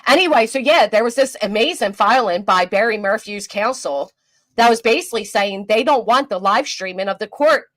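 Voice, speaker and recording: A woman's voice: a little high, fairly bright tone. A woman doing rambling livestream commentary, crude and mocking in a vulgar rant, often restarting her sentences. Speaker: commentary streamer. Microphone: desk microphone.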